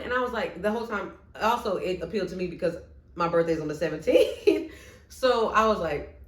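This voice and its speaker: Woman vlogger, casual movie-ranking chat, very lively intonation, echoey room at home. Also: lowish voice, brisk. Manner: animated and expressive, with playful asides.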